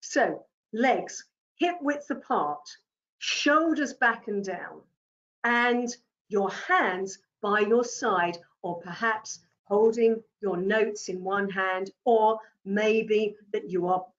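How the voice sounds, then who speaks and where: Slow, deliberate woman coaching presenters. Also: mid-range voice, muffled recording. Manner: deliberate, instructive, repeats key points. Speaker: communication trainer. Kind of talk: presentation skills coaching talk.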